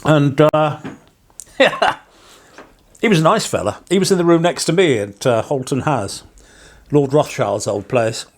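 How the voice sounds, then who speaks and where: A man's voice: a little high, lively intonation, measured pace, pauses often. A man from England, a parson vlogging, talking in a wry, digressive way with chuckling asides. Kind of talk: casual rambling vlog monologue.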